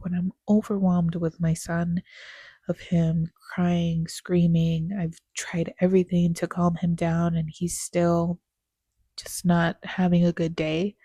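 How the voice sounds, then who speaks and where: Young woman, vlog confessional: slow, husky, hushed, worn out from crying, dry close sound. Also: on the low side, dry recording. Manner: slow, soft, halting with many fillers and pauses, often near a whisper. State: sad, tired after crying. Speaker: vlogger and new mother. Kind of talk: personal vlog, candid talk to camera.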